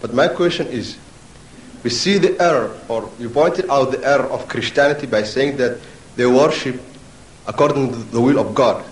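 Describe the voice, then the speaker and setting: A man's voice: medium pitch, normal speed. Man, audience questioner, hesitant, fillers, distant, echoey hall, light hiss. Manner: hesitant, full of fillers and restarts.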